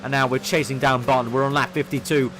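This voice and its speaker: A young man giving eager play-by-play commentary over his own racing game, getting excitable when he overtakes. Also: mid-range voice, quick pace, soft background music. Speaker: gaming commentator.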